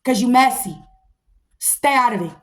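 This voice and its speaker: A woman's voice: a little high, lively intonation, normal speed, fairly bright tone. A woman voicing her own stern mother, who firmly lectures her young daughter to stay out of grown-up fights. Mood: scolding. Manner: firm, lecturing.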